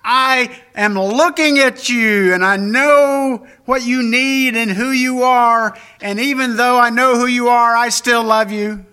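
A man's voice: very high voice, fairly even intonation, slow pace, hardly any pauses, sharp tone, clean tone, voice pushed up, heavily acted. A man voicing God as a loving fatherly deity, speaking in emphatic, reassuring declarations.

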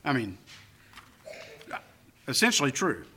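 A man's voice: mid-range voice, huge pitch swings, slow pace, pushed and bright, slightly rough. A man preaching a sermon as pastor, conversational with self-deprecating asides, building emphasis through repetition. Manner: emphatic repetition, rising on key phrases.

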